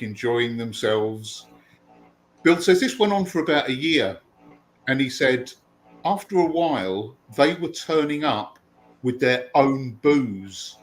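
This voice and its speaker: A man hosting a casual chat, telling long anecdotes with a relaxed, chatty delivery. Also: mid-range voice, rough recording. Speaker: host.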